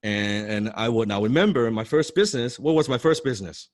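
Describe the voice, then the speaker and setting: A man telling a personal story to an audience, excitable and swearing freely, full of restarts and "right?" tags. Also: mid-range voice, brisk, no echo, clean studio sound. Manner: restarts and repeats words often. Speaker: motivational speaker telling his story. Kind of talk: animated storytelling talk.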